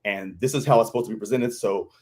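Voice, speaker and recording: A man's voice: lowish voice, quick pace, breathy edge. Man telling a story. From Kentucky, US South. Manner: animated storyteller, acts out quotes. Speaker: guest, veteran. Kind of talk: casual live-stream chat.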